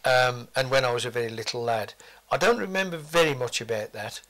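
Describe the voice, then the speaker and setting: A man's voice: medium pitch, brisk, a bit bright. An older man, reminiscing forthrightly in an interview with blunt asides.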